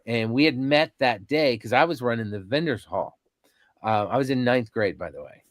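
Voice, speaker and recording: A man in his fifties tells stories as a podcast guest, animated and full of ums and restarts. His voice sits at a middle pitch. It sounds close and dry, with no room around it. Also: normal speed, no echo. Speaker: podcast guest, convention organizer. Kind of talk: casual storytelling interview.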